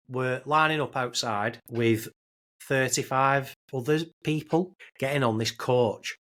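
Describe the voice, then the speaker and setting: A man, co-hosting a podcast, telling travel stories in casual chat, swearing freely and acting out quoted lines. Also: medium pitch. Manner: animated storyteller, swears freely, acts out quotes. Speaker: podcast co-host.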